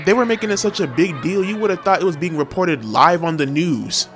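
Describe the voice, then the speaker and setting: Young man, storytime vlog, slangy and self-mocking, lively swooping pitch, fairly high voice, clear music behind. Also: a little fast. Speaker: storytime vlogger. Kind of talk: comedic storytime narration.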